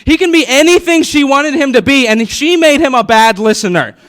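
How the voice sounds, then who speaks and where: A man's voice: very high-pitched, lively intonation, fairly quick, a bit bright. A man in his twenties doing a stand-up comedy set on stage before a live audience, nervous and rambling, with many fillers. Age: 20s.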